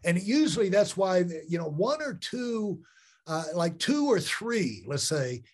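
A man's voice: high voice, sing-song, unhurried. A male host with a slightly raised voice leads the talk with his guest. He muses aloud and stretches out words for emphasis. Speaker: podcast host. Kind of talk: conversational interview.

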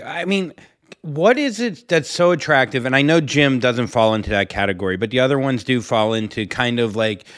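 A man's voice: medium pitch, expressive, normal speed, a bit bright, no room sound, studio quality. A man co-hosting a podcast, chatting casually and asking teasing questions. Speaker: podcast co-host. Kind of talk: casual chat.

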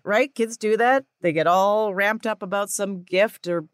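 A woman in her thirties hosting a podcast, telling a personal story in a casual, animated and candid way, with some swearing. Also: mid-range voice, measured pace, dry recording, clean studio sound. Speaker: podcast host. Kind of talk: casual monologue.

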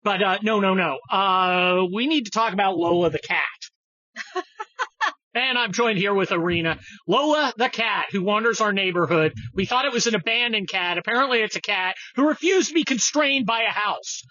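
A man's voice: sits high, brisk, hardly any pauses, pushed and bright, no room sound, dull audio. A man hosting a podcast in a casual, profane, mocking rant that jumps from topic to topic. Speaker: podcast host. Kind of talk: casual ranting chat.

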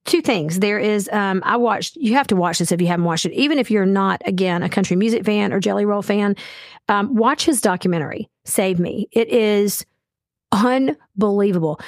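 A woman's voice: medium pitch, no echo, studio quality. A woman co-hosting a podcast, talking in a chatty, heartfelt way with plenty of fillers. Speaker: podcast co-host. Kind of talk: casual chat.

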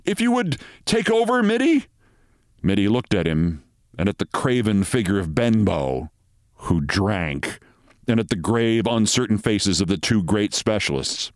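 A man hosting a show, reading a short story aloud in measured, dramatic narration. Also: low-pitched, lively intonation, dry recording, clean studio sound.

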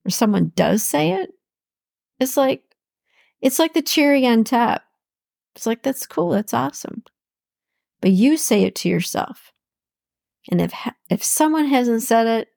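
A woman's voice: a little high, vocal fry, dry recording, studio quality. A woman hosting a podcast alone, talking in an affirming, encouraging way and repeating her words of support. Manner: warm affirming, repeats phrases, speaks imagined words of encouragement. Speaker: podcast host. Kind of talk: encouraging solo podcast talk.

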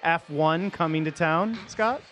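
A man's voice: fairly high pitch, unhurried, a bit bright, slight background noise. A man hosting a sports betting radio show, joking with a guest and steering to the picks. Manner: joking, moves the show along. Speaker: radio host. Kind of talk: casual radio chat.

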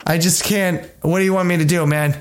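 A man's voice: high-pitched, fairly even intonation, a little fast, slight background noise. A man in his thirties hosting a podcast, ranting in a rambling, exasperated, profane way. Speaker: podcast host. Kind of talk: casual chat.

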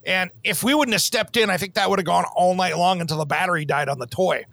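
A man's voice: high voice, fast, creaky, bright, forceful tone. A man hosting a podcast, telling rambling stories in a casual, easygoing way and laughing easily. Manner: chatty, rambling storyteller who laughs easily. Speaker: podcast host. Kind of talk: casual chat.

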